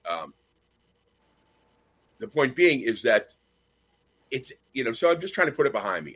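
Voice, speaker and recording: Casual co-host, male, lively storyteller who plays all the parts. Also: medium pitch. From Nashville. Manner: animated storyteller, acts out quoted voices. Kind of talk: casual chat.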